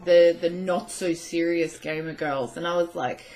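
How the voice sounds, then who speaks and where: A woman from Australia with an Australian accent, co-hosting a casual webcam chat, relaxed and blunt. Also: fairly low pitch, unhurried, a little hiss or hum, rough recording. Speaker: co-host. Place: home webcam setup.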